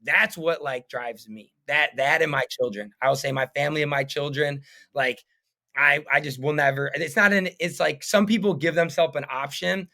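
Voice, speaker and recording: A man's voice: on the high side, normal speed, vocal fry, sharp tone. Earnest rambling man, podcast guest. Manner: earnest, rambling, filler-heavy. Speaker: painting business owner, podcast guest. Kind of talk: casual interview chat.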